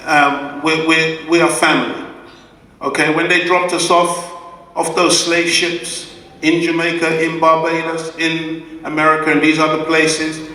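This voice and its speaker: The speaker, a man with a fairly high, sharp voice, talks in a monotone at a measured pace. As guest speaker at a community event, he gives an emphatic, preacher-like address, and the live audience answers him. The echoey community hall leaves his voice sounding far off.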